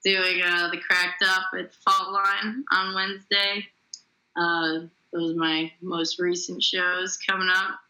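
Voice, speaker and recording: A woman's voice: lowish voice, level tone, sharp tone, rough recording. A young woman comedian guesting on a podcast, joking wryly about herself in casual chat. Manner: quick, self-deprecating, wry.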